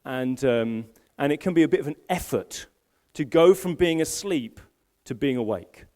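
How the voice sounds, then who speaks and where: A man's voice: mid-range voice, animated, moderate pace, a little mellow. A middle-aged man, a senior pastor preaching live at a church service, telling stories with self-deprecating humor and frequent restarts. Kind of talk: live sermon. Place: church service in a school hall.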